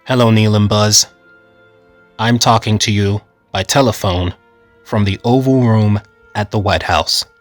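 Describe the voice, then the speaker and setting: A man's voice: on the low side, fairly even intonation, a little slow, no echo, faint music behind, natural voice. A man playing a proud president speaking formally on a phone call.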